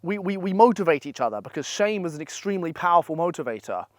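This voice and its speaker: A young man gives blunt, profane, energetic motivational advice in a casual vlog, speaking at a holiday villa. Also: a little high, fast talker, no room sound, clean studio sound. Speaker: online business coach.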